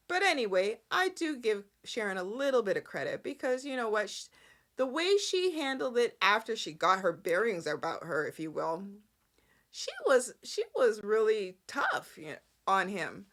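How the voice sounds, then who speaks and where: A woman's voice: medium pitch, very animated, moderate pace, a bit bright. A woman hosting a soap opera recap podcast, chatty and opinionated, rambling through the plot with asides. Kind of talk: casual recap chat.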